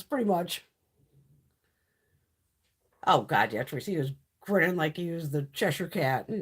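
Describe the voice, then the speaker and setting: A woman's voice: fairly low pitch, a little mellow, husky. A woman hosting a casual live stream chat, ranting with frequent swearing and laughing often. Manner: profane, ranting, exasperated.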